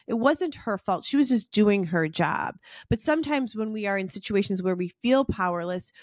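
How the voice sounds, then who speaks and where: A woman's voice: mid-range voice, animated, normal speed, no echo, studio quality. Earnest woman hosting a self-help podcast. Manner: earnest, encouraging, speaks to the listener directly. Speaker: podcast host.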